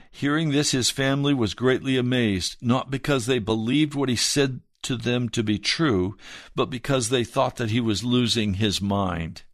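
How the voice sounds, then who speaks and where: A man preaching a sermon as pastor, reading aloud and speaking in an earnest, measured way that drops soft and low for emphasis. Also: no room sound, studio quality.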